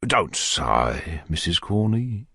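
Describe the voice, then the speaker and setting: A man voicing a pompous, amorous middle-aged parish beadle who woos in courtly, wheedling tones that sink to soft murmurs. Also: low voice, very animated, takes it slowly, husky, no echo, studio quality, heavily acted. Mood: wooing.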